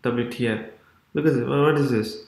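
A man giving excited casual reaction commentary as a sports vlogger, exclaiming often. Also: mid-range voice, moderate pace, vocal fry, reverberant.

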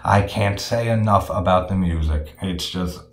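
A man's voice: sits low, unhurried, echoey room. A man talking casually and frankly about a film, swearing freely and using many fillers. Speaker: horror film reviewer.

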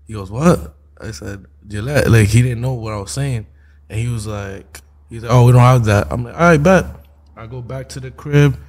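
A man's voice: medium pitch, darkish tone. A young man co-hosting a podcast, telling stories in a loose, slangy, laughing way. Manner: laid-back storytelling, slangy, laughs often. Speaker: podcast co-host. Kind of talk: casual chat.

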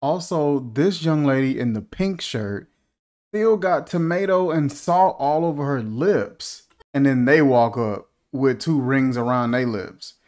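A man's voice: mid-range voice, a little slow, a little mellow. A man hosting a casual movie reaction, joking and incredulous, asking one rhetorical question after another.

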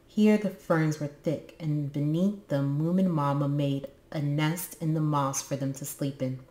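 A woman with a low voice reads a children's book aloud, breaking off now and then for casual, musing asides. The room around her is echoey. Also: steady tone, measured pace, hardly any pauses, dark tone. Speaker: book channel host.

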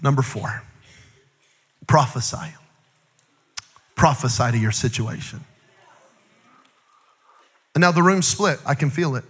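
A male pastor preaching a lively sermon to a church congregation, mixing jokes and playful acted-out asides with rising, shouted exhortations. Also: medium pitch, slow pace, long pauses, slightly rough. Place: large church auditorium. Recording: long hall reverb.

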